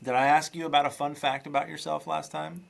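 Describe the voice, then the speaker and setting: A man's voice: a little high, flat delivery, fairly quick, gravelly. A man hosting a podcast, chatting loosely and teasing his guest. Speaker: podcast host. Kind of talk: casual interview chat.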